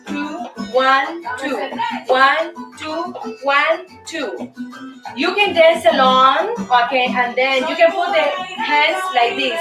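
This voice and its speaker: High woman counting dance steps. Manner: counts steps aloud, playful. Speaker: host and dance teacher. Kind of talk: casual dance lesson. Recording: roomy sound from a distance.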